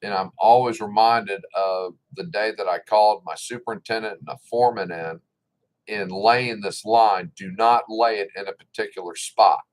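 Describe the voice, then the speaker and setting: Blunt, indignant low-voiced man. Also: steady tone, moderate pace, rough recording. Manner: blunt, indignant, sarcastic, swears freely. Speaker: political commentator. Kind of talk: casual opinion monologue.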